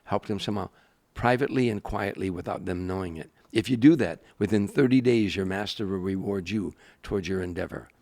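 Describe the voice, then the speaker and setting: This is an older man with a low, gravelly voice, guesting on an interview show. He tells long stories with plenty of life, slipping into the voices of the people he quotes and then easing back into his own easy, confiding tone. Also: fairly quick, few pauses. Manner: animated storyteller, acts out quoted voices. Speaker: guest, comedian. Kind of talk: storytelling interview.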